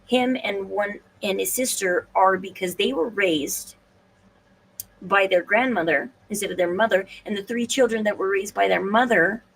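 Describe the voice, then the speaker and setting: Casual solo host, female, gravelly voice, rambling and hesitant, recorded from a distance. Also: medium pitch, normal speed. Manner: rambling, hesitant, restarts and fillers. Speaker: podcast host. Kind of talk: casual solo livestream talk. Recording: distant mic, faint room noise.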